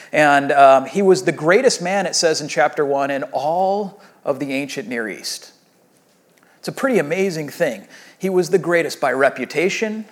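A man preaching a sermon as pastor, speaking in a casual, conversational way and acting out the lines of the story he retells. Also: on the high side. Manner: conversational, animated retelling with voiced quotes.

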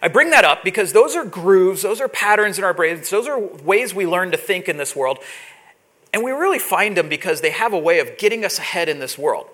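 A man in his forties preaching a sermon, telling a personal story in a lively, storytelling way. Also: sits high, fairly quick. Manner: storytelling, animated, gets loud when imitating yelling. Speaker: pastor.

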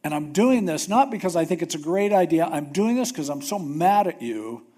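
Casting note: preacher doing a fed-up, sarcastic male God, higher voice. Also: animated, moderate pace, warm tone. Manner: sarcastic, scolding. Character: impatient, exasperated male God.

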